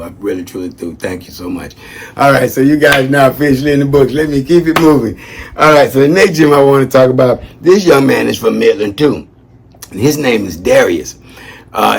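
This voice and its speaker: A man talks straight to his viewers in a loose, animated way, swinging his voice up when excited and dropping it low when earnest. His pitch sits in a middle range for a man. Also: gravelly, a little hiss or hum. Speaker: history vlogger giving shoutouts. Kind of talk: casual spoken vlog.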